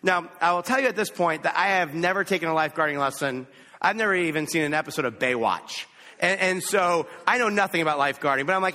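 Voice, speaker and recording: A man preaching a sermon, telling a lively, self-mocking story about himself. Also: high-pitched, a little fast. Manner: animated, self-mocking anecdote. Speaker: pastor. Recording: echoey hall.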